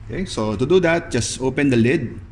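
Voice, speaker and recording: A young man talking through a hands-on cleaning demonstration in a loose, casual way, leaning on a steady stream of "okay" between steps. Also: medium pitch, slight background noise. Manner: loose, fills pauses with frequent "okay". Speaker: video host demonstrating appliance upkeep.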